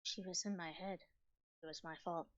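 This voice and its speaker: A woman voicing a dazed, grieving young woman adventurer who speaks in a distant, halting way and repeats herself. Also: fairly low pitch, fairly even intonation, lo-fi sound, lightly acted.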